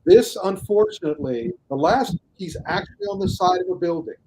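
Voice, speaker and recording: A man talking casually as a guest critic on a video call, animated and acting out reactions. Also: high voice, a little fast, gravelly, a little hiss or hum, low-quality recording. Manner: animated, acts out imagined reactions. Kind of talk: casual panel chat.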